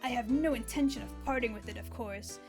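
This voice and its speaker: A woman voicing a pompous older male lawyer who speaks in a slow, drawn-out, old-fashioned way. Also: fairly high pitch, music in the background, close to an everyday voice. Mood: boastful.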